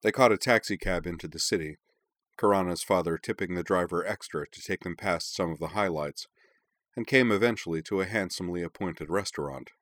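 A man reading a novel aloud in measured, even storytelling narration. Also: low-pitched, dry recording. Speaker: audiobook narrator. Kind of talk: scripted narration.

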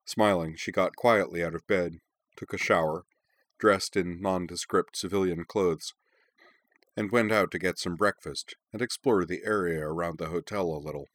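A man reading a novel aloud in measured, even storytelling narration. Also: low-pitched, no room sound. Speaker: audiobook narrator. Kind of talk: scripted narration.

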